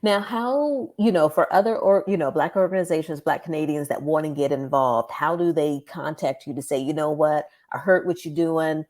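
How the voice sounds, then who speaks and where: A woman's voice: low-pitched, moderate pace, hardly any pauses, darkish tone. A woman hosting an interview, encouraging her guest with frequent short affirmations. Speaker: host. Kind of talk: conversational interview.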